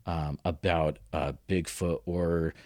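Radio interviewer, man with a very deep voice, easygoing and friendly, dry close sound. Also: little pitch movement, slow, a little mellow, dry recording. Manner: friendly, loose, with fillers and restarts.

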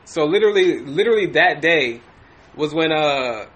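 Podcast host, male, high bright voice, animated profane storyteller, restarts often. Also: moderate pace. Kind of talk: casual storytelling.

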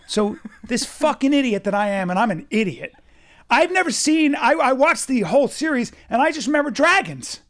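High-voiced man telling animated stories. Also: brisk. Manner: animated, swears a lot, acts out quotes. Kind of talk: casual chat, storytelling.

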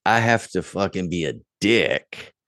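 A man's voice: sits low, a little slow, no echo, clean studio sound. A man telling a profane story in casual podcast chat, his voice climbing when he gets angry. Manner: profane, animated retelling, voice rising when angry. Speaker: podcast guest.

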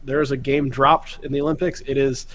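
American male sports writer, quick and wry podcast guest. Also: mid-range voice, flat delivery, fairly bright tone. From United States. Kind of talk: casual sports podcast chat.

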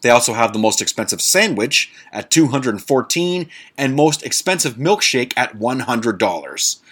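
A man's voice: medium pitch, very animated, moderate pace, fairly bright tone, breathy edge. A man hosting a casual monologue podcast, blunt and sarcastic, swearing freely and stumbling over fancy words. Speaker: podcast host.

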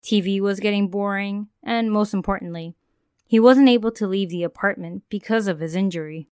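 Woman podcast host telling scary tales, smooth and dry-miked, calm and conversational. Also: medium pitch, a little fast, dry recording. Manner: calm storyteller who asks the listener questions. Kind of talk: scripted narration of a horror story.

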